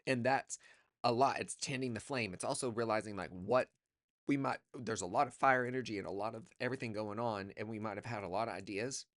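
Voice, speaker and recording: A sassy man reading tarot in a casual, profane way, calling the listener honey as he pushes them on. His voice sits fairly low, and the sound is dry and close with almost no room. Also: a little fast, a bit bright, no room sound. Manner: emphatic, motivational pep talk. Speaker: tarot reader.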